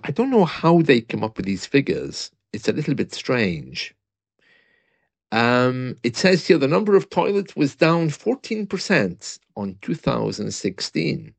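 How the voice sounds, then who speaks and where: A man's voice: medium pitch, gravelly, dry recording. A British man talking casually and reading a news report aloud, chatty and self-mocking, with asides and small laughs. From Britain.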